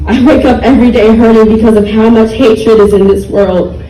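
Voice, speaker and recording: A woman's voice: fairly high pitch, fairly even intonation, normal speed, warm tone, echoey room, far from the mic, low-quality recording. Young woman giving an emotional, pleading speech. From United States. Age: young adult. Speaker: speaker at a community rally. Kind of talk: public speech.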